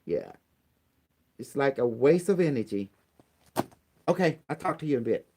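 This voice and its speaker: A man's voice: mid-range voice, big pitch swings, normal speed, warm tone, a little hiss or hum. A man with non-native grammar ranting bluntly and profanely as a channel host. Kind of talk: casual rant on a phone call.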